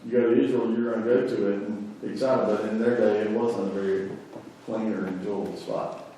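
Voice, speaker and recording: A male pastor gives a sermon as animated, conversational storytelling. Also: lowish voice, a little fast, far from the mic, slight background noise. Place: large church sanctuary. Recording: very echoey church, voice from afar.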